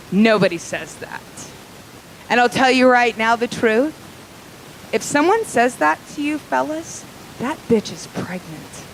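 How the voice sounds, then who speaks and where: A woman's voice: on the high side, a bit bright, a little hiss or hum, rough recording. A woman stand-up comedian telling crude, rambling stories with lots of fillers, recorded live in a small comedy club.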